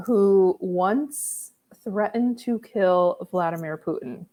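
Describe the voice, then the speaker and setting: A young woman chats casually as a podcast guest, giggling often and eagerly reeling off trivia. Her voice sits at an everyday middle pitch. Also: slow pace, dark tone. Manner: chatty, giggly, shares trivia. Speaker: guest co-host.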